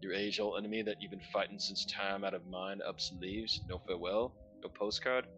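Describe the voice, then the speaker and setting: A man's voice: sits low, steady tone, fairly quick, bright, forceful tone, faint music behind, pitched below the performer's own voice. A man voicing a sinister, theatrical clown showman who calls himself a Duke of Hell, mocking and threatening. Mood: menacing.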